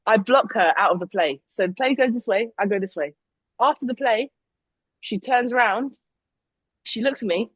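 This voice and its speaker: A woman's voice: medium pitch, no echo, low-quality recording. A young woman, co-hosting a casual sports podcast and telling stories with lots of fillers and apologies. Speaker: podcast co-host and flag football player. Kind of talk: casual chat.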